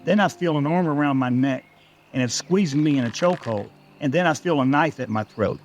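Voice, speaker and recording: A man reading a scripted first-person story in a steady, measured way. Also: on the high side, soft background music.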